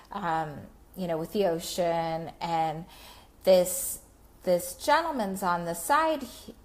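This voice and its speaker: A woman life coach talking on a Facebook Live, reflective and slow, with many fillers. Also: fairly low pitch.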